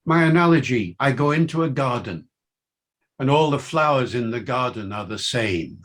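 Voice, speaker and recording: An older man with a mixed Welsh and Liverpool accent, giving a university lecture with enthusiastic, swinging emphasis. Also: moderate pace. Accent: Welsh and Liverpool mix. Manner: enthusiastic, lively pitch swings.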